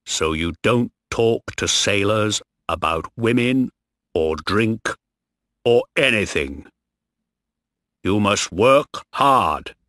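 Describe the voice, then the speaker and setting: A man doing a stern, slow ship captain. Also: on the low side, bright, forceful tone, no echo, clean studio sound, heavily acted.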